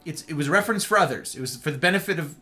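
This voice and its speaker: A man chatting casually with viewers on a live stream, playful and jokey, his pitch swooping up and down. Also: racing, bright, forceful tone, faint music behind.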